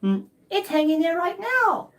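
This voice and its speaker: Lady doing a chirpy little street boy, high, bouncy. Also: very animated, measured pace, fairly bright tone, full character voice. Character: cheeky young street boy.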